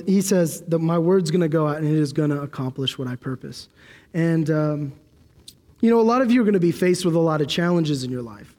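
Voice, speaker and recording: In a church hall with long, echoing reverb, a young man preaches a sermon loosely and conversationally, full of fillers and restarts. His voice is fairly high-pitched and a little mellow.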